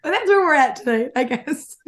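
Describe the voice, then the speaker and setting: A woman's voice: sits high, lively intonation, normal speed, fairly bright tone. A woman from Canada, a guest author on a podcast, chatting casually with frequent giggles and "like" fillers. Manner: giggly, gushing, full of "like" fillers.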